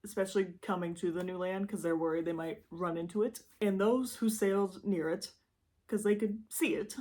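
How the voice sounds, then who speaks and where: A woman's voice: mid-range voice, steady tone, normal speed, dark tone. Chatty Michigan woman telling a true-crime story. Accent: Midwestern American, Michigan. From Michigan, USA. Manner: chatty, self-deprecating, rambling asides. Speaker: YouTube host.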